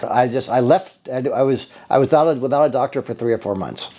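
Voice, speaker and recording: A man's voice: medium pitch, quick pace, mellow. A middle-aged man telling his own story as a patient testimonial, rambling and acting out the conversations he had along the way. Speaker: bodywork therapist giving a patient testimonial. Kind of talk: casual spoken testimonial.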